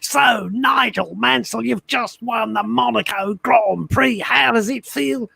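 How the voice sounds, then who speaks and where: Excitable older male racing commentator, put on by a man, high-pitched, eager, dry sound. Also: takes it slowly, gravelly, breathy edge, no echo, heavily acted.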